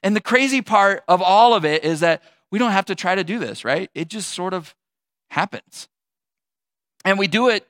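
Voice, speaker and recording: A male pastor giving a conversational sermon, telling a personal story with animated asides. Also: high-pitched.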